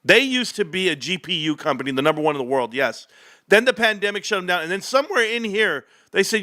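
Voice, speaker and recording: A man hosting a stock market livestream, talking in an excitable, joking, rambling rant. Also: high-pitched, brisk, no echo, studio quality. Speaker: stock market stream host.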